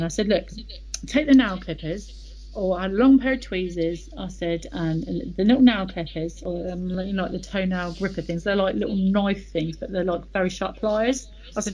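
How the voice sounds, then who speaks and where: A woman's voice: mid-range voice, normal speed, poor audio. Woman telling a personal story. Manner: lively retelling, quotes dialogue with many "I said, he said". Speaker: interview guest, author. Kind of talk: personal storytelling in a podcast interview.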